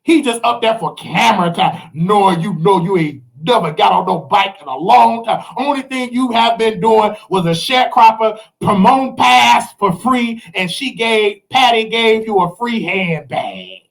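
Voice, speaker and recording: A man's voice: sits high, animated, a little slow, creaky, hardly any pauses. Preachy Southern American man ranting. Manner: preachy, mocking, acts out quotes in other voices. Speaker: host. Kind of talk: animated commentary rant.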